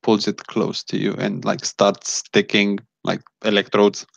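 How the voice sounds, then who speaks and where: A man's voice: fairly low pitch, completely flat delivery, a little slow, vocal fry, no echo, muffled recording. A man narrating as game master of a tabletop game, describing scenes with frequent fillers.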